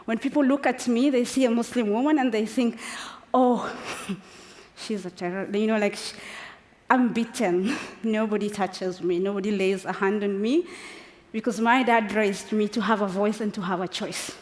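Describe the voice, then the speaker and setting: A woman's voice: medium pitch, fairly even intonation, normal speed, a little mellow. A woman in her forties from Kenya giving an emotional, unscripted personal speech, passionate and close to tears. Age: 40s. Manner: passionate, emphatic, laughs between phrases. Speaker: speaker. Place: large conference hall. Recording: long hall reverb.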